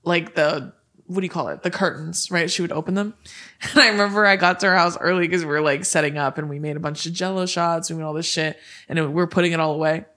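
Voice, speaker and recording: Brief: young woman, co-host, slightly low voice, blunt and sarcastic in casual chat. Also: fairly even intonation, fast talker, fairly bright tone. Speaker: podcast co-host.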